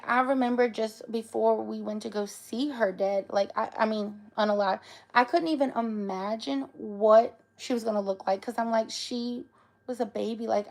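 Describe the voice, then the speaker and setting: Gravelly woman telling a story. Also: fairly high pitch, a little mellow. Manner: earnest, emotional retelling, talks straight to viewers. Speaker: live streamer. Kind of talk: casual storytelling on a livestream.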